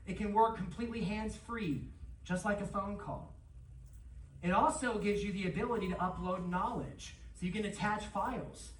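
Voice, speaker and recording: Energetic presenter in an echoey hall. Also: medium pitch, a little hiss or hum. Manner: energetic, animated, quick to address the crowd. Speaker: conference presenter. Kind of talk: live seminar talk with audience interaction. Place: large conference room, on stage. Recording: echoey hall, voice from far off, faint ambience.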